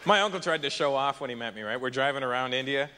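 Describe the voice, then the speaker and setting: A young man performing a punchy, lively stand-up set on a festival stage. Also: mid-range voice, fast, a loud crowd. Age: young adult. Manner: lively, punchy, jumps into voices. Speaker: stand-up comedian. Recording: echoey hall, light hiss.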